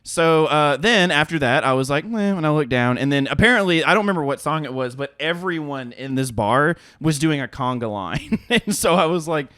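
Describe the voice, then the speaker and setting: Slightly high and resonant, this thirtysomething man's voice comes through clear and studio-quality, free of echo. Co-hosting a podcast, he tells a story at a moderate pace with hardly any pauses, cursing, laughing a lot and acting out quotes in the relaxed banter.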